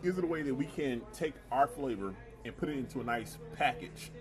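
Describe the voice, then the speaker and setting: A man's voice: medium pitch, expressive, fairly quick. Earnest man thinking aloud over music. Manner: earnest, stacks repeated words, asks rhetorical questions. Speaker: podcast co-host. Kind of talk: casual chat.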